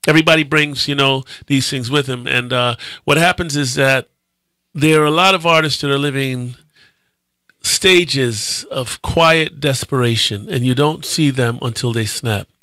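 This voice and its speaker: A man's voice: medium pitch, measured pace, pushed and bright, dry recording. A man, an actor, answering interview questions in a reflective, hesitant way with many restarts. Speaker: actor and guest. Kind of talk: interview talk.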